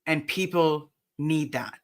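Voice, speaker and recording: A podcaster chatting casually in an earnest, emotional way, with halting restarts as they talk. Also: medium pitch. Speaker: podcast co-host.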